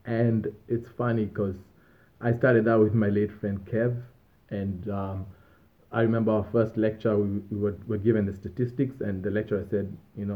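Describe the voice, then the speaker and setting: Brief: male vlogger, lowish voice, rambling self-amused storytelling, tinny phone-like recording. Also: flat delivery, moderate pace. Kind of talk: casual storytelling.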